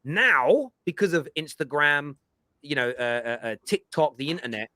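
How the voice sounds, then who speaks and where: Bright, emphatic man. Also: on the high side, normal speed, dry recording. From England. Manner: emphatic, lecturing, animated. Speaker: football fan show host. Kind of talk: casual football chat.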